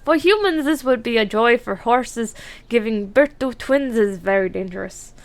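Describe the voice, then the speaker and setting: A woman voicing a gentle young male horse farmer in a put-on Irish accent, reading game dialogue aloud as a storyteller. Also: fairly high pitch, expressive, moderate pace. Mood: storytelling. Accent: attempted Irish.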